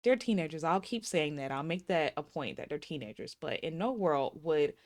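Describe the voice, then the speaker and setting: A woman in her thirties with a slightly low voice recaps a movie scene by scene. She is chatty and sassy and talks straight to her viewers. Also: animated, moderate pace. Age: 30s. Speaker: movie reviewer. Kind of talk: casual movie recap and review.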